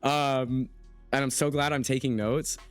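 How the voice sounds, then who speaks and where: With a smooth, mid-range voice and fairly even intonation, a young US podcast host speaks at a measured pace over faint background music. He's having a casual conversation, reading chat comments earnestly and with emphasis.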